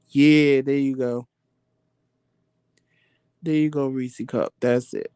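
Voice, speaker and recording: A man hosting a casual live chat, answering viewer comments with animated, profane storytelling. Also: mid-range voice, slow pace, long pauses, clear, resonant tone, dry recording. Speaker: livestream chat host.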